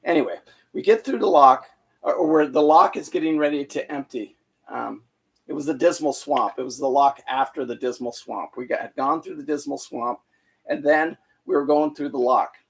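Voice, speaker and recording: A man's voice: medium pitch, moderate pace, creaky, breathy edge. A middle-aged man casually telling a boating story on a live stream, rambling with many fillers and restarts. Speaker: boating vlogger.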